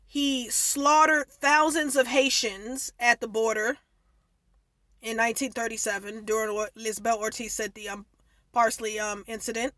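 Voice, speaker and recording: A woman's voice: on the high side, steady tone, a little slow, pushed and bright, dry recording. A woman giving casual, opinionated commentary as a vlogger, wandering into digressions to explain history.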